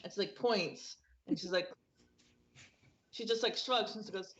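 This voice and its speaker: A woman narrates a tabletop game as game master in a loose, rambling way, full of fillers and restarts. Her voice sits at middle pitch. The recording is a bit dull and muffled. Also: measured pace, fairly bright tone. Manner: casual, rambling with many fillers.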